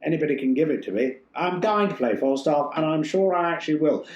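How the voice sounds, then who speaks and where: Older male stage actor from Yorkshire, theatrical storyteller in a roomy space with soft music under. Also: a little high, animated, quick pace, lo-fi sound. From Yorkshire, England. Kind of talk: casual interview storytelling. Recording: roomy echo, faint music.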